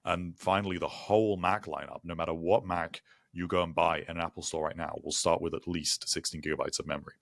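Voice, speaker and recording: A man with a very deep voice, calmly explaining hardware details as a podcast co-host. His delivery is measured and informative. The recording is dry and close. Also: gravelly, no echo. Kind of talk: casual tech chat.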